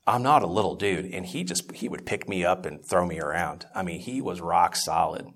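A man's voice: low-pitched, normal speed, a bit bright. A man preaching in a church Bible class, telling a story conversationally and growing more impassioned as he teaches, often restarting his words. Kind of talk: sermon-style Bible teaching.

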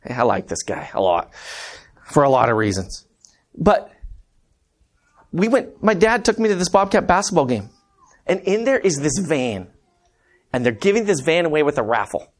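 A man's voice: a little high, sing-song, normal speed, long pauses. A man preaching a conversational sermon, telling stories and calling the congregation "guys". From Montana. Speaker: preacher and math teacher.

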